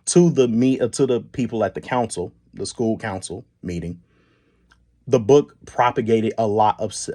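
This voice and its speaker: A man with a fairly low voice talks through his views alone on a podcast. He speaks earnestly and with emphasis, stumbling and restarting words as he builds his points. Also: a little mellow. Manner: earnest, emphatic, with frequent restarts and rising stresses. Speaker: podcast host. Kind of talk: solo commentary monologue.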